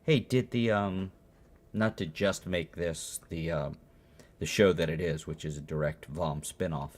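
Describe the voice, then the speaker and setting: A man co-hosting a podcast, chatting casually in a dry, deadpan way with halting fillers. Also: deep voice. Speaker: podcast co-host. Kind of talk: casual chat.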